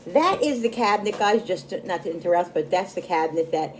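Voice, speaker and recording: A woman's voice: on the low side, lively intonation, brisk, poor audio. A woman in her fifties hosting a casual home cooking vlog from her kitchen, chatty and bubbly, laughing often. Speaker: cooking channel host.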